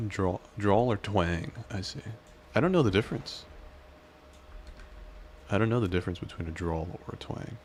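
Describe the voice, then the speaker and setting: Deep-voiced male game streamer. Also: normal speed, pauses often, a little hiss or hum. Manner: relaxed, chatty, talks to chat. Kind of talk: casual gameplay commentary.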